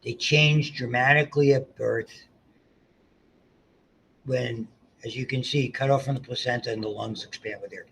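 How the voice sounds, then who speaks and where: A man's voice: medium pitch, fairly even intonation, normal speed, creaky, pauses often, fairly bright tone, a little hiss or hum, rough recording. A man around seventy giving a casual, rambling biology lecture to students, full of asides and restarts. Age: about 70.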